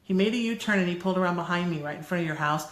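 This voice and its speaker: A woman co-hosting a casual livestream chat, telling a story with lively quoted voices. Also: lowish voice, very fast, echoey room. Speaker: radio host, co-host. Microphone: phone livestream.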